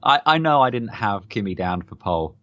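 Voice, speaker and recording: A man's voice: on the low side, lively intonation, fairly quick, bright, forceful tone, no room sound, highs cut off. A man co-hosting a podcast, chatting casually and laughing often. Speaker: podcast co-host. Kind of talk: casual chat.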